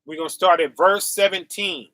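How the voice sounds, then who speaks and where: High-voiced, bright preacher man, slow talk. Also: dry recording, studio quality. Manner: preachy, animated, calls out to viewers, laughs often. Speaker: preacher and livestream host. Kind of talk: casual livestream sermon.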